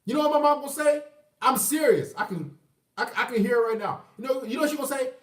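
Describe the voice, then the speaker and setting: A man's voice: extremely high pitch, lively intonation, fast. A man ranting in a profane, emphatic, combative livestream monologue. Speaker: vlogger. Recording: echoey room, far from mic.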